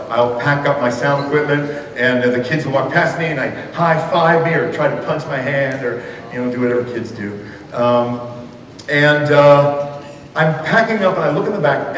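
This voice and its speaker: A man's voice: a little high, a little hiss or hum. A man from telling comic stories to an audience and acting out the people in them. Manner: animated, acts out the people in his stories. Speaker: school assembly speaker and storyteller. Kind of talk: comic storytelling talk to an audience. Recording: echoey hall, heard from a distance.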